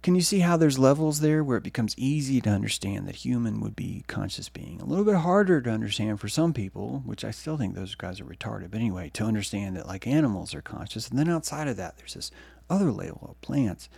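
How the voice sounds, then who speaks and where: A man's voice: mid-range voice, very animated, a little fast, gravelly, a little mellow, husky, no room sound. A male podcast host giving a rambling, profane solo monologue.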